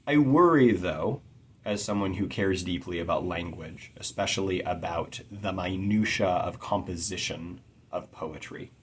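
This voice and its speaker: A middle-aged man teaching about poetic meter in an earnest, measured way, carefully stressing his words. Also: sits low, breathy edge. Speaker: poetry teacher.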